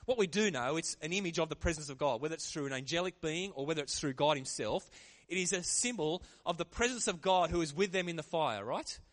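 Lively pastor preaching. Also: male voice, on the high side, brisk, few pauses. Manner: lively, conversational preaching with frequent laughs. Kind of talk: sermon.

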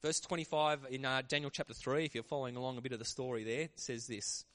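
A man preaching a sermon in a lively, conversational way. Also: mid-range voice, quick pace. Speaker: pastor.

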